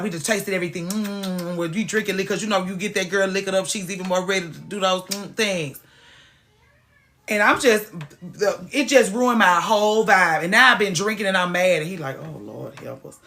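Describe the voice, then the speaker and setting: Woman host, bright, mid-pitched voice, swears freely, vents with emphasis. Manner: emphatic, profane ranting. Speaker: podcast host. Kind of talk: casual chat.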